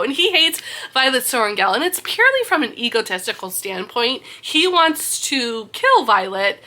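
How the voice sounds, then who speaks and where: A young woman hosting a book podcast, excitedly recapping a fantasy novel in a casual, animated storytelling manner. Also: on the high side, normal speed.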